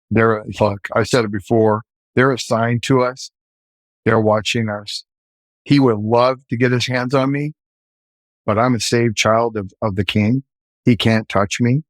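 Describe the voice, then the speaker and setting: A man, a former police officer, telling a story in an earnest, animated way. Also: on the low side, dry recording. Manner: earnest, animated, shouts in quoted lines. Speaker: former navy chief and police officer, guest. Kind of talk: casual storytelling.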